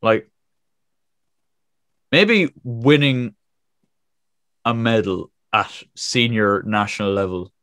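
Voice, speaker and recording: Easygoing young man, low dry voice. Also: slow, pauses often, fairly bright tone, dry recording. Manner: laid-back, swears freely, laughs often. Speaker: podcast co-host. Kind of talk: casual podcast chat.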